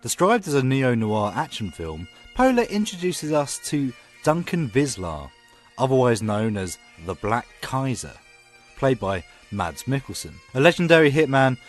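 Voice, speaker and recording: A man's voice: mid-range voice, a little slow, soft background music. A man co-hosting a film podcast, chatting enthusiastically and reading scripted reviews. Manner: enthusiastic, animated. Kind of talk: casual chat and scripted review narration.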